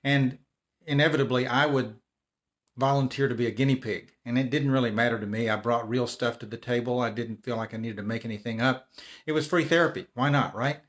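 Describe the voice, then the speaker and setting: A middle-aged man speaks to his viewers in an easygoing, conversational way. His voice sits at an ordinary middle pitch, and he often restarts and repeats words as he goes along. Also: a little fast, fairly bright tone. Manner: conversational, frequent restarts and repetitions. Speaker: live video host. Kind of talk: casual talk to camera.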